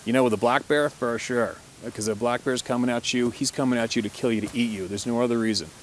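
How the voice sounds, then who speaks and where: A man, a hunting guide, telling a story in a relaxed, chatty way, laughing often and swearing mildly. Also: medium pitch, fast talker, a little hiss or hum. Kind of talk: casual storytelling to camera.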